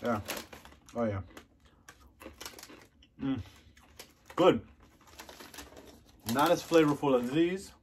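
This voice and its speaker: A man's voice: medium pitch, animated, extremely slow, pauses often, a little hiss or hum. Chatty man tasting snacks on camera. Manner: chatty, savoring, loud mm and oh yeah sounds while chewing. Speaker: food reviewer. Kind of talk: casual unboxing and taste review.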